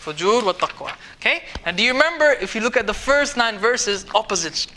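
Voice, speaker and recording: Bright-voiced man teaching a casual lesson. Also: extremely high pitch, lively intonation, a little fast. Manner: conversational, keeps checking the class understands; mixes in Arabic words and phrases. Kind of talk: casual tafsir lesson to a small group.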